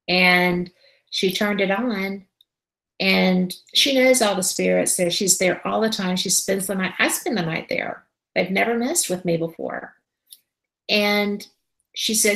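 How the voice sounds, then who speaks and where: A woman who is a paranormal investigator, telling a story as a guest in a casual interview. She is animated and acts out the conversations she describes. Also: medium pitch, a little slow, gravelly, roomy sound, low-quality recording. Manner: animated, re-enacting conversations as she tells them.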